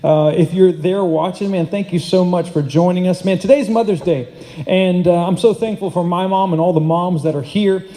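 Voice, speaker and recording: A man in his thirties preaching a sermon as pastor, energetic and joking, swinging between loud and soft. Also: sits high, normal speed. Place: church hall. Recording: long hall reverb.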